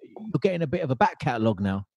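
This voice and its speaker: A man hosting a podcast, asking questions in a friendly, hesitant way with many pauses. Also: medium pitch, sing-song, creaky, darkish tone, husky, no room sound, dull audio. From Kent, England. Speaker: podcast host. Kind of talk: casual interview chat.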